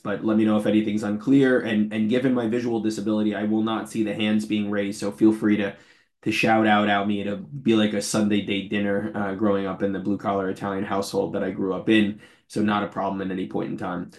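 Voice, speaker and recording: This is a man in his forties giving a lecture from his office over a video call. His fairly low voice is turning hoarse, yet he stays earnest and friendly. The sound carries a clear room echo. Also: flat delivery, brisk, darkish tone. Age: 40s. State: losing his voice. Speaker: invited lecturer. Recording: roomy echo.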